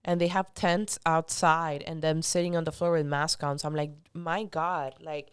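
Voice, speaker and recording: A woman on a podcast speaking bluntly and heatedly, with a fair share of swearing. Her voice sits on the low side, smooth and full. The sound is dry and close. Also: level tone, moderate pace, dry recording. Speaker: podcast guest. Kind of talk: casual podcast conversation.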